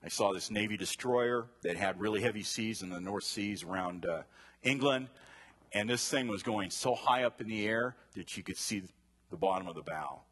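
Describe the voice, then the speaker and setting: A man with a lowish, husky voice leads a conversational Bible lesson. He talks casually with his group, tosses them questions, and wanders off into personal asides before pulling back to the text. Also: normal speed, a bit bright. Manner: chatty, asks the class questions, wanders into side stories. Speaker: Bible study teacher.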